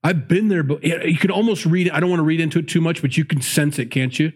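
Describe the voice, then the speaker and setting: A man's voice: fairly high pitch, fast, darkish tone, husky. A man preaching a sermon, reading scripture aloud and breaking off into chatty asides, correcting himself as he goes. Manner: chatty asides between read verses, self-correcting.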